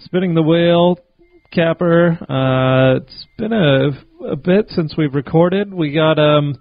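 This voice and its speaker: A man's voice: on the high side, slow pace, creaky, no echo. A man co-hosting a podcast, chatting casually in a teasing, sweary way. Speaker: podcast co-host. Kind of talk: casual chat. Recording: dry, slightly muffled podcast audio.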